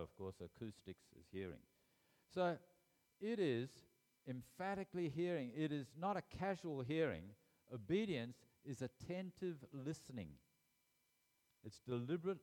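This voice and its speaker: A man's voice: mid-range voice, darkish tone. Emphatic man preaching a sermon. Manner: emphatic, repeats key phrases, rises sharply for emphasis.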